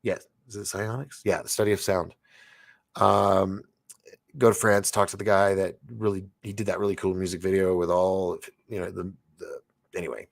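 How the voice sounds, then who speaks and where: A man in his forties with a low-pitched, gravelly voice, talking close and dry with no room sound around him. He chats loosely on a late-night live show, reading viewer comments aloud and tumbling over his own restarts as he gets excited. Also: moderate pace, dry recording. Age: 40s. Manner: rambling, excitable, stammering restarts. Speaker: livestream host.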